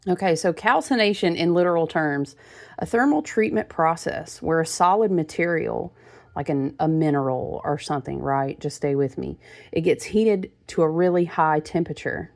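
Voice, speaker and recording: A woman with a gravelly, low-pitched voice chats casually to her viewers during a spiritual card reading. She talks in a friendly, familiar way, calling them friend and honey. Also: normal speed, darkish tone.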